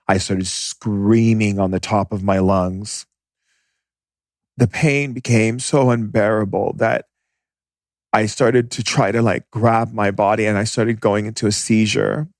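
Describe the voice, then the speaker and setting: Gravelly low-voiced man telling a story. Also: no room sound, studio quality. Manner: intense, vivid, emotional storytelling. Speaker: shaman, podcast guest. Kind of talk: personal storytelling in an interview.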